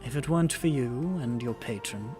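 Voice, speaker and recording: A game master voicing Queen Titania, a regal, weary fairy queen who speaks in a slow, measured, dry way. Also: mid-range voice, animated, music in the background, pitched below the performer's own voice, natural voice.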